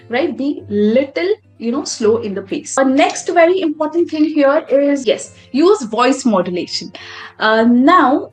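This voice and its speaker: Woman, speaking coach, emphatic and animated delivery, faint music behind. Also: high voice. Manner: animated, emphatic, demonstrates voice modulation. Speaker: public speaking coach, guest. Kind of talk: podcast interview, advice.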